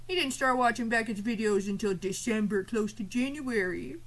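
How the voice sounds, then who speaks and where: A woman with a fairly high voice goes off at her chat during a live stream. She is profane and combative, with cutting sarcasm. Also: normal speed, hardly any pauses, fairly bright tone, rough recording.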